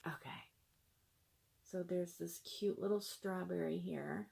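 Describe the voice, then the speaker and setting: A woman hosting a cross-stitch video, chatting casually and gushing over gifts, with lots of fillers and soft asides. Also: lowish voice, unhurried, gravelly. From American Midwest. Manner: gushing, chatty, many fillers, drops to near-whispers. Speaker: Flosstube host showing gifts. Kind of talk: casual chat to camera.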